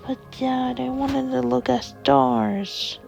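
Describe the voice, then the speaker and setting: A woman voicing a six-year-old girl with a high, pleading child voice. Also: steady tone, slow pace, creaky, a little mellow, soft background music, heavily acted.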